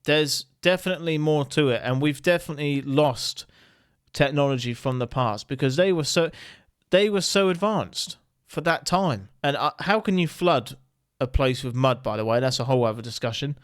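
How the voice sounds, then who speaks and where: A man's voice: fairly high pitch, moderate pace, clean tone, no room sound, studio quality. A man, the host, giving casual joking commentary on videos. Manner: joking, chatty, animated asides.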